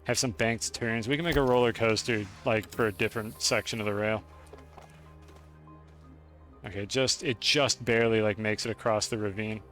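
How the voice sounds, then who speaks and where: A man's voice: on the low side, steady tone, moderate pace, fairly bright tone, faint music behind. A young man streaming a video game, chatting casually with his chat and swearing freely while he plays. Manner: chatty, profane, talks to chat.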